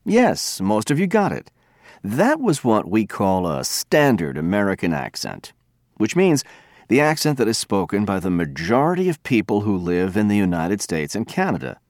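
A man giving a scripted lecture, speaking clearly and deliberately, with slow spoken examples. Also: fairly low pitch, huge pitch swings, darkish tone, no echo, studio quality. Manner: clear, deliberate, demonstrates pronunciation.

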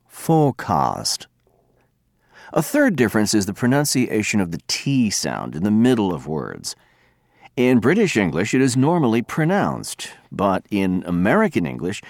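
A man giving a scripted lecture, speaking clearly and deliberately, with slow spoken examples. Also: lowish voice, no room sound, clean studio sound. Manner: clear, deliberate, demonstrates pronunciation.

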